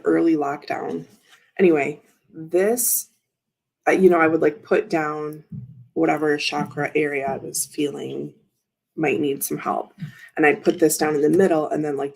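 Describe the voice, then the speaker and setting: A woman's voice: low-pitched, fairly even intonation, unhurried, creaky, pauses often, slightly rough. A woman hosting a casual tarot livestream, rambling and interrupting herself as she talks to viewers in chat. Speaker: tarot reader and livestream host.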